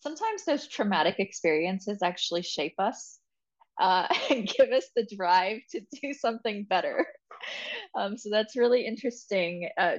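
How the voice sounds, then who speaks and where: A woman hosting an interview, chatty and reflective, thinking aloud. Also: medium pitch. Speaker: interview host. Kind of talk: casual interview conversation. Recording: dull lo-fi audio.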